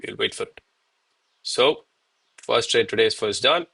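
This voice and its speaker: A man in his thirties, a live trading streamer, chats casually with viewers during his stream, calling them bro and man while catching his breath between push-ups. His lowish voice is gravelly, pushed and bright with a breathy edge, and he speaks at a measured pace.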